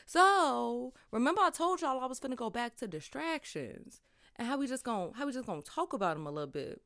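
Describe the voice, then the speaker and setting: Talkative woman podcaster, high voice, swoops all over. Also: normal speed, no echo, studio quality. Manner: animated, slangy, talkative. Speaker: podcast host. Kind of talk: casual chat.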